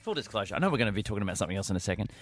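A woman's voice: very deep voice, racing, faint music behind. A woman co-hosting a radio show, teasing guests and bantering. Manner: teasing, animated interviewer. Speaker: radio co-host. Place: radio studio.

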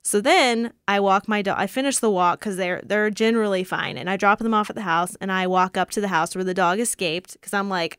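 A woman in her late twenties telling a story casually, animated and laughing often. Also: mid-range voice, brisk, hardly any pauses, clear, resonant tone, no echo, clean studio sound. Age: late 20s.

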